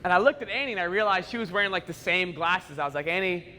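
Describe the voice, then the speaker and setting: A man in his twenties, a motivational speaker, telling stories at a school assembly in an animated, conversational way with comic asides. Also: high voice, fast, a little hiss or hum. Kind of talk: school assembly keynote storytelling. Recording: echoey school hall reverb.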